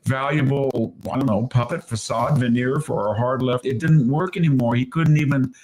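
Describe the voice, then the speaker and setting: A man giving opinionated political commentary, animated and stammering, often mimicking his opponents. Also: mid-range voice, normal speed, a little hiss or hum.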